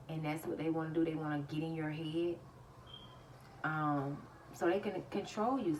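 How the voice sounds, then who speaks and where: Woman, lower voice, chatty vlog storytelling, bursts of laughter. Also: recorded from a distance, a little hiss or hum, rough recording. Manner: laughs often, animated retelling. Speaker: vlogger. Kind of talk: casual storytelling to viewers.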